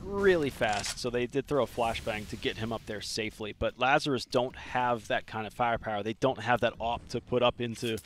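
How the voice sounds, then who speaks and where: A man with a Southern US accent doing excitable live esports commentary. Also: medium pitch, a little fast, few pauses, slight background noise. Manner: excitable, talks over the action.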